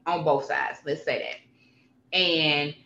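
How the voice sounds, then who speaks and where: A guest speaking candidly in a bright, forceful voice, leaning on repeated phrases for emphasis. The sound is roomy and a little dull, like an untreated room. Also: medium pitch, steady tone, takes it slowly. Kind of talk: candid personal conversation.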